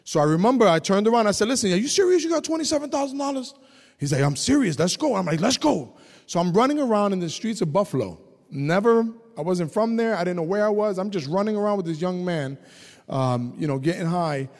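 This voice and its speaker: A man preaching a testimony sermon, telling his story with animated delivery and shouting at high points. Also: quick pace, in a large hall.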